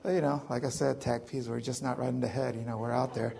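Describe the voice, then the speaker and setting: A man's voice: medium pitch, fairly even intonation, fast talker, gravelly, darkish tone. A man in his forties telling his own survival story to an audience in a loose, joking way, full of fillers. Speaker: veteran speaker.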